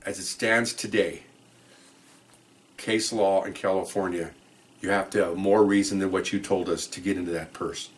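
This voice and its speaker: A man quoting a calm, earnest judge. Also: deep voice, lightly acted. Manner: measured, quiet, slow and deliberate. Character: calm earnest male judge giving advice.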